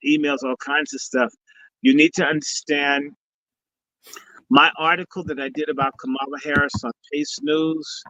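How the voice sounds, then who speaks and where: A guest speaker who also organizes a summit chats casually on a live stream, mixing sanctimonious blessings and swearing. His voice is a little high and sharp. It comes over a video call with no room sound, in dull lo-fi stream audio.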